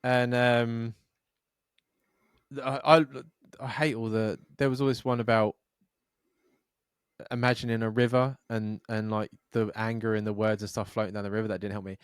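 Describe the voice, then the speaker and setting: A man's voice: lowish voice, level tone, moderate pace, long pauses, clear, resonant tone, no echo, clean studio sound. A man co-hosting a podcast in casual chat, swearing often and acting out voices in his rambling stories. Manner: sweary, rambling storytelling with acted-out quotes. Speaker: podcast co-host.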